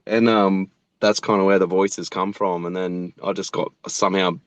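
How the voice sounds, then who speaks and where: A man's voice: sits low, level tone, moderate pace, no room sound. A man in his thirties with an Australian accent, chatting casually as an interview guest, laid-back and swearing freely. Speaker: animator and show creator, guest.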